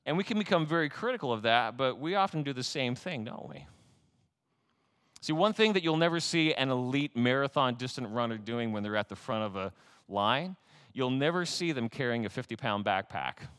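Bright-voiced male pastor preaching emphatically. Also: mid-range voice, animated, normal speed, clear, resonant tone. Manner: emphatic, with rhetorical questions and light humor. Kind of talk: sermon.

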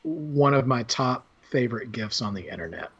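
A man with a husky, slightly breathy voice talks casually about a favorite film, rambling and restarting his sentences as he goes. The recording sounds dull and lo-fi. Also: medium pitch, animated, moderate pace, fairly bright tone. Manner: rambling, many fillers and restarts, quotes lines with a laugh. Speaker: podcast co-host.

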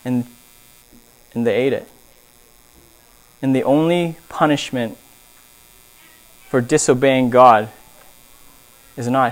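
A man preaching a sermon, telling stories in an animated way and swinging between loud emphasis and hushed asides. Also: medium pitch, slow pace, pauses often.

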